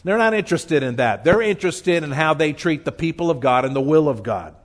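A man preaching a sermon, reading scripture and explaining it earnestly, slowing down to stress his points. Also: a little high, animated. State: tearful, choked up. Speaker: pastor.

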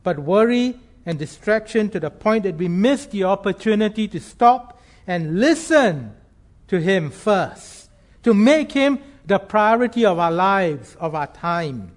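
Male preacher with a fairly high voice, earnest and measured, leaning on key phrases. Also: sing-song. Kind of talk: sermon.

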